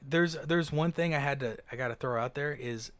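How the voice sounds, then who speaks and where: A podcast co-host with a medium-pitched, fairly bright voice speaks fairly quickly. He chats casually, rambling enthusiastically and swearing now and then.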